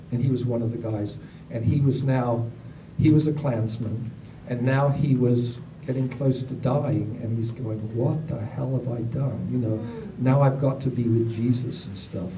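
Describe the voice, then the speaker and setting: Man, very dark timbre, animated storyteller, roomy and distant recording with faint noise. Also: mid-range voice. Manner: animated, acts out other people's lines in raised voices. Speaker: storyteller at a gathering. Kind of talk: casual spoken storytelling.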